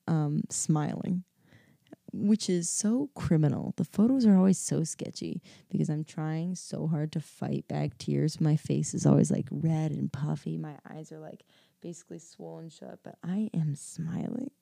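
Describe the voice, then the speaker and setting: A woman's voice: sits low, moderate pace, gravelly, mellow, no echo, studio quality. A woman in her early twenties hosting a casual solo podcast, rambling and upbeat with lots of fillers and laughter, and sounding sleepy. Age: 20s. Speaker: podcast host.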